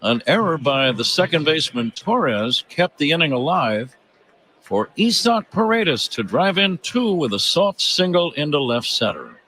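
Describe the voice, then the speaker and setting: A man calling a baseball game on radio as play-by-play announcer, in a steady, genial, informative manner. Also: on the high side, unhurried, slight background noise.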